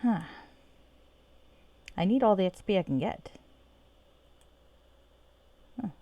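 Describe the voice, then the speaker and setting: A woman's voice: medium pitch, animated, normal speed, no room sound, dull audio. A woman streaming a video game, chatting casually and self-mockingly and swearing freely as she plays. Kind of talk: casual let's-play commentary. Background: game music.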